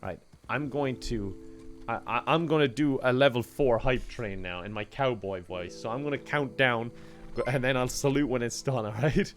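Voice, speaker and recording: A man's voice: mid-range voice, moderate pace. Male streamer, loose chatty delivery, laughs a lot, faint game music under his voice. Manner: chatty, laughs often, thanks viewers by name. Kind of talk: casual gaming livestream chat.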